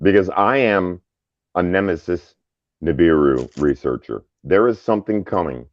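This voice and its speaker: A man's voice: deep voice, normal speed, dry recording. A man talking loosely in a casual group chat, stumbling over repeated words. The sound is dull and lo-fi, with a dry close feel.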